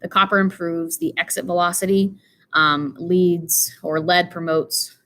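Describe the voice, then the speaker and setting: In a casual explanatory lecture, a weary teacher yawns as she talks through her slides, peppering them with fillers and asides. Her fairly low, somewhat bright voice is fairly even in intonation and a little slow, with slight noise in the background.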